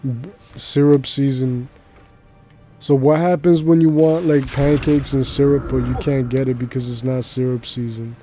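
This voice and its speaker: Brief: male game streamer, rambling slangy chat, monotone delivery, faint music under him. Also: mid-range voice, normal speed. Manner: rambling, slangy, laughs easily. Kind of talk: casual chat while gaming.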